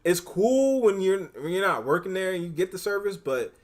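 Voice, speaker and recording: A man co-hosting a podcast, telling work stories in relaxed, hesitant casual chat with many fillers. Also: high-pitched, normal speed. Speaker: podcast co-host, store manager.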